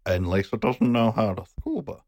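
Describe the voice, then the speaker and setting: A man's voice: on the low side, very animated, moderate pace, a little mellow, dry recording, studio quality. A man co-hosting a podcast, teasing his co-host and joking while recapping a film. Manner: teasing, laughs a lot, does silly voices for characters. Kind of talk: casual film recap chat.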